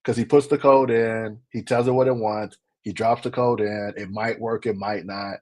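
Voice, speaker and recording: Husky guy talking business on a live stream, gets animated, says it it it a lot. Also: lowish voice, normal speed. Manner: animated, repeats himself when making a point. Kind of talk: casual live-stream chat.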